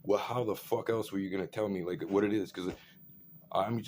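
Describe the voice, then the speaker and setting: Profane rambling man, low voice. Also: fairly even intonation, normal speed, darkish tone, a little hiss or hum. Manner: profane, rambling, full of fillers. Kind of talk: rambling rant monologue.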